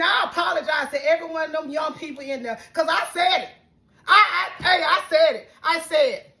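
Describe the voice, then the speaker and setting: A woman's voice: high voice, normal speed, vocal fry, sharp tone. A woman, telling an angry story about bad customer service. She swears heavily and acts out both sides of the argument. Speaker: vlogger.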